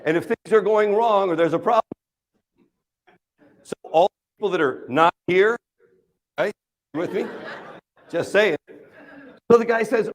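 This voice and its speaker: A man telling a funny personal story to a live conference audience, often asking the crowd questions. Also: sits high. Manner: animated, asks the audience questions, jokes. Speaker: keynote speaker. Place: conference stage.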